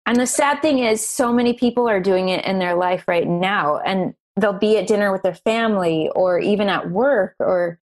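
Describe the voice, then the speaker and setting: A woman guest on a podcast interview, telling a personal business story in an earnest, emotional, animated way. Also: medium pitch, normal speed, few pauses.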